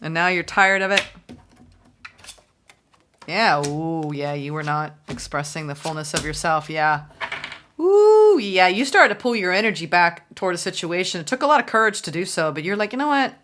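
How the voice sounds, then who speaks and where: A woman's voice: on the low side, moderate pace, bright, forceful tone, slight background noise. Chatty woman reading tarot cards. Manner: chatty, musing, voices the viewer's thoughts. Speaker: tarot reader.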